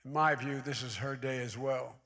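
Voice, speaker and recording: This American guest speaker in his eighties talks at normal speed with a medium-pitched, pushed, bright voice and fairly even intonation, mixing folksy comments with emphatic oratory at a church service. The big sanctuary gives long hall reverb, with slight background noise.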